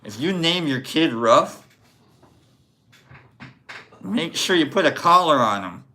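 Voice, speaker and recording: A man's voice: fairly high pitch, slow pace, a little hiss or hum. A man hosting a casual podcast, telling a story with energy and acting out the voices of the people in it. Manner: animated, acts out quoted voices. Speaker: podcast host.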